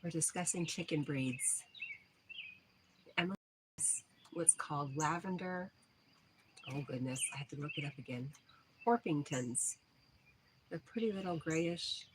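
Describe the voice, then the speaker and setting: A chatty woman hosts a casual livestream from her back porch, reading out viewer comments. Her voice sits a little low. Birds sing clearly in the outdoor noise behind her. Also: a little slow, pauses often. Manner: reads viewer comments aloud, chatty and friendly. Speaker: livestream host. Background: birdsong and outdoor ambience.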